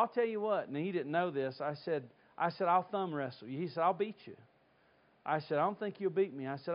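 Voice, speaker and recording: Folksy middle-aged preacher, dull recording. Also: male voice, fairly high pitch. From North Carolina. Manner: folksy storytelling, animated asides. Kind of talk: sermon with personal story. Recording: dull lo-fi sound.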